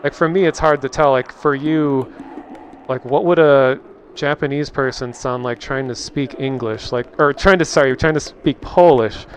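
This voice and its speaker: A man's voice: medium pitch, moderate pace, slight background noise. A man with a Minnesotan accent, streaming and chatting casually in a thoughtful, rambling way with lots of restarts. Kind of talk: casual chat.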